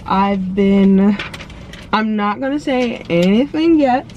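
A woman vlogger in her early twenties films herself on a phone inside a parked car, casually chatting and rambling to her viewers with lots of fillers. Her mid-range voice is slow and dark-toned, and the lo-fi recording carries a little hiss or hum.

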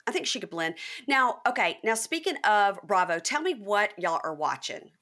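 A woman with a Mississippi Southern accent, hosting a casual chat and telling stories with quick asides. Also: medium pitch, very animated, pushed and bright. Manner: chatty storyteller, quick asides. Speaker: podcast host.

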